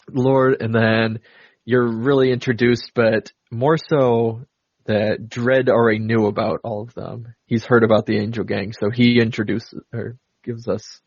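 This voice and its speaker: A man's voice: mid-range voice, dry recording, lo-fi sound. A man co-hosting a podcast, casually retelling a film's plot in a rambling way, full of fillers. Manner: rambling, many fillers and laughs. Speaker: podcast co-host. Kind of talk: casual movie recap chat.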